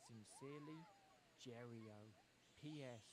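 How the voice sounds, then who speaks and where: An actor voicing a pompous male clay creature who reads out a letter slowly in a broad put-on accent, in a game cutscene. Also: medium pitch, natural voice. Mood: solemn.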